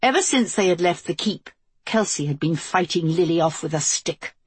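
Husky, low-voiced woman narrating an audiobook. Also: animated, moderate pace, no room sound. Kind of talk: scripted narration.

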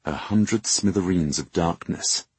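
A man narrating a novel with a very low, husky voice. He reads in a measured, dramatic manner. The recording is close and dry. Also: no room sound. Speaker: audiobook narrator. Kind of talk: scripted narration.

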